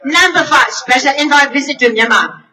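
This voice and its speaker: A woman delivers an emphatic, emotional protest speech at an outdoor rally. Her voice is high and bright, and she was recorded at a distance from the mic. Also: brisk. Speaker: rally speaker.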